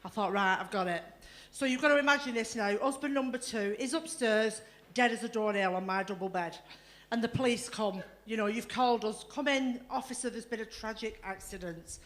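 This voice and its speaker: A woman's voice: fairly high pitch, a bit bright. A woman doing a bawdy stand-up comedy set, swearing freely and laughing through her lines. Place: comedy club stage.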